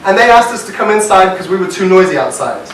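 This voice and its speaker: A man telling a story to a live audience at a business workshop, animated and constantly checking in with "right?" as he asks the room questions. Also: sits high, fast. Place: hall with a seated audience. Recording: very echoey hall, mic far off, faint hiss.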